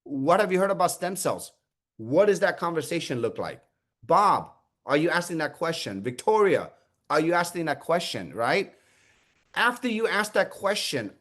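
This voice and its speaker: A man coaching his team over a video call, his voice sitting a touch high. He swings his pitch widely as he fires off rhetorical questions and acts out sample lines. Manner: animated, asks many rhetorical questions, acts out sample conversations. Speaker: team leader running a sales training call. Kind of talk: coaching on a group call, calling on people by name.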